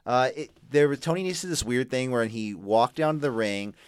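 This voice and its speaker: A man's voice: medium pitch, animated, moderate pace, clean tone, no echo, studio quality. A man co-hosting a podcast, casually recapping wrestling matches with many fillers and restarts. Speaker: podcast co-host.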